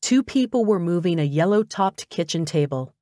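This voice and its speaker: Woman reading a cozy mystery audiobook, lowish voice, dry close mic, expressive. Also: moderate pace, dry recording. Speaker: audiobook narrator. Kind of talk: first-person audiobook narration.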